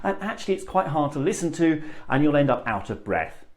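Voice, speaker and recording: Lively-voiced man coaching with deliberate pauses. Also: fairly high pitch. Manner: deliberate, with long demonstrative pauses. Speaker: speech coach. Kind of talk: presenting tips to camera.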